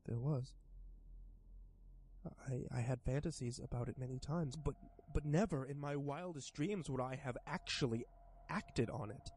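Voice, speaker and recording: A male streamer narrating a first-person horror story in a steady voice with small stumbles. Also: medium pitch, unhurried, a little hiss or hum. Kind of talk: horror story narration while modding a game.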